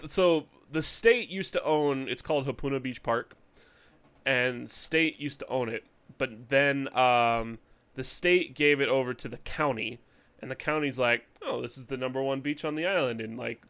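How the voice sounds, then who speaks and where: Smooth-voiced podcast guy from Hawaii. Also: medium pitch, normal speed, a bit bright. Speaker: podcast co-host. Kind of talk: casual chat.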